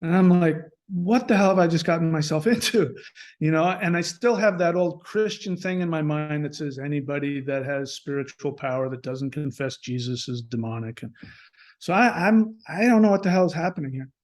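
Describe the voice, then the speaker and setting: A man who is a podcast guest, telling a personal story in a casual way. He is animated, restarts often and acts out bits of dialogue. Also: a little high, normal speed.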